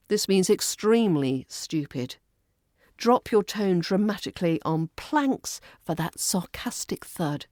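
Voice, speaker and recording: Slow, playful British RP accent coach. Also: female voice, on the low side, expressive, darkish tone, no room sound, clean studio sound. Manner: playful, demonstrating phrases with exaggerated intonation. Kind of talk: scripted pronunciation lesson.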